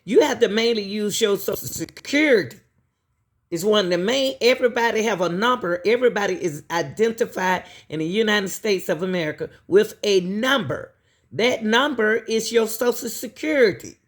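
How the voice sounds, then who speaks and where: A woman's voice: mid-range voice, lively intonation, normal speed. A woman host giving emphatic commentary to her viewers, repeating herself and asking pointed questions.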